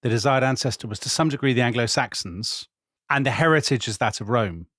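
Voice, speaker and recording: A man's voice: mid-range voice, a little fast, fairly bright tone, no room sound, studio quality. A British man co-hosting a casual history podcast, reading passages aloud with drama and then chatting and joking. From Britain. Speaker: podcast co-host.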